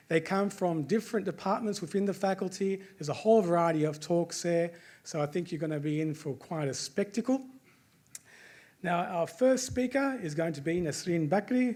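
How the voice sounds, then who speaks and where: A man's voice: fairly high pitch, darkish tone. A man with an Australian accent, hosting a live event and addressing the audience in a chatty, joking way. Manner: jokey, chatty, asks the crowd questions. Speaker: event host.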